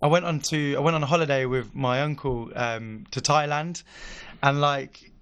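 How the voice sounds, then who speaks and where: A man's voice: medium pitch, steady tone, moderate pace, fairly bright tone, smooth. A young man, a podcast guest telling a long story in a rambling way, full of fillers. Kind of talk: casual chat.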